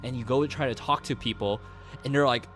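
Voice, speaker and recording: A young man streamer recapping a game in a casual, rambling, excitable way, swearing and saying "like" a lot. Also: mid-range voice, fast, over music.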